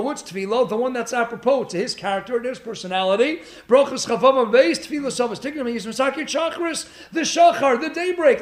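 A man giving an animated Torah lecture, full of rhetorical questions and Hebrew terms. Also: extremely high pitch, reverberant. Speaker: rabbi giving a Torah class.

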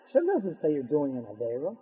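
A man teaching an animated Torah class, firing rhetorical questions, acting out dialogue and using Hebrew and Yiddish terms. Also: on the high side, brisk, husky. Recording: dull lo-fi recording.

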